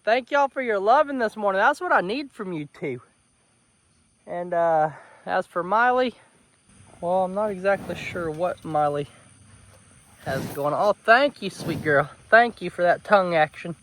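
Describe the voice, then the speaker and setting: A man's voice: sits high, animated, measured pace, fairly bright tone, slight background noise. A man, vlogging outdoors on his farm and cooing affectionately at his animals by a fence. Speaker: homesteader vlogger. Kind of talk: casual vlog talk to camera.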